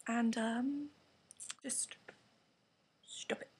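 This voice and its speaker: Speaking extremely slowly in a steady, fairly high but darkish voice, a teenage girl from England rants candidly to camera. Her vlog rambles with whispered asides, and there's slight background noise.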